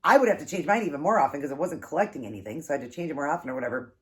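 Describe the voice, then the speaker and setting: A woman's voice: sits low, lively intonation, rapid-fire. A woman hosting an eating show, casually telling an embarrassing story and laughing often.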